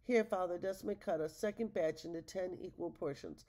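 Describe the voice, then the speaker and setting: A woman reading a picture book aloud to listeners, in a gravelly voice. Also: fairly low pitch, fairly quick, dark tone. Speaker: storybook reader.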